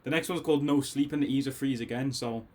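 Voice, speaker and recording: A man with a Scouse accent talks through an album in a loose, excitable ramble from his bedroom. He sounds a bit tipsy, laughs often and keeps circling back to his points. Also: medium pitch, fast talker. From Liverpool, England. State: tipsy after drinks. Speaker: music reaction host. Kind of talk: casual album reaction. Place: bedroom at home.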